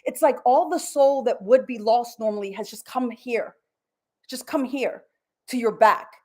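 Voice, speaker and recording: A woman's voice: on the high side, measured pace, mellow. A woman doing live psychic energy readings, casual and soothing, calling her caller sweetheart and leading guided visualizations. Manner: swears casually. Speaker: psychic reader.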